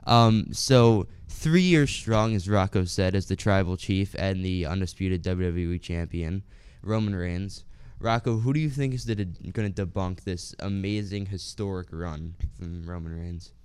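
A relaxed young man keeps the conversation moving and passes questions to his co-host. His voice is very deep, with a smooth and clear tone. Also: moderate pace. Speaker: co-host of a wrestling talk show. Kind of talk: casual chat.

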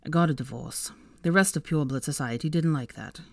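A woman reading aloud and voicing a smug, teasing young wizard man in a low, quiet drawl. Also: fairly quick, no echo, clean studio sound.

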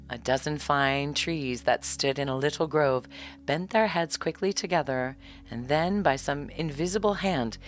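Very low-voiced woman telling a bedtime story.

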